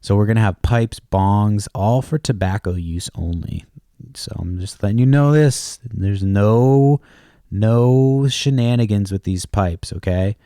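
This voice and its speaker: A man's voice: lowish voice, a little slow, dark tone, smooth, dry recording, clean studio sound. A man in his thirties hosting a podcast, rambling casually with lots of cursing and laughing at his own stories. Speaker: podcast host.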